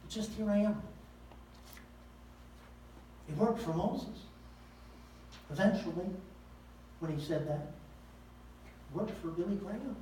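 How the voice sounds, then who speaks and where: A man's voice: high-pitched, slow, long pauses, mellow, slight background noise. A male pastor preaching a sermon in a folksy, conversational way, with slang and pointed rhetorical questions. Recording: echoey room, voice from far off.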